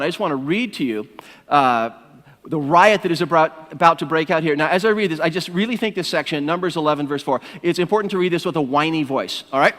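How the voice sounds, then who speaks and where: Man, pastor, animated sermon, high voice, long church reverb. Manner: animated storytelling, addresses listeners as "my friends". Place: church sanctuary.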